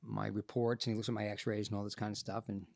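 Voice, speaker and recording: A man, an actor and podcast guest, telling a personal story in a casual, animated and profane way, acting out the people in it. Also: lowish voice, quick pace, creaky, no echo, clean studio sound.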